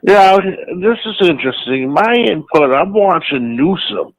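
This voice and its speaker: A man's voice: on the high side, sing-song, measured pace, no echo. A man with a Boston accent calling in to a radio show, chatting and scornful about politicians. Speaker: caller. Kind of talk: call-in radio chat. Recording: tinny phone line.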